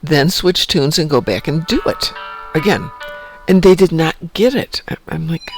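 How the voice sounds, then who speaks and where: A man's voice: on the high side, animated, moderate pace, soft background music. A man hosting a casual morning live stream from home, rambling and joking about his day. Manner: rambling, chatty, self-joking.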